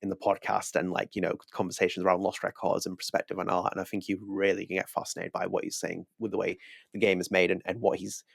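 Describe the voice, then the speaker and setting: Fast-talking British man with gravelly low voice. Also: completely flat delivery, no room sound, clean studio sound. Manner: chatty, rambling, self-deprecating. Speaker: podcast co-host. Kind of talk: casual podcast chat.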